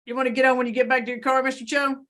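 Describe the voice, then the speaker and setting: A woman judge runs through pre-trial cases briskly. Her voice sits a little high, and her manner is businesslike with the odd joke. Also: level tone, fairly bright tone. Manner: brisk, businesslike, joking asides. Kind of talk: court hearing proceedings.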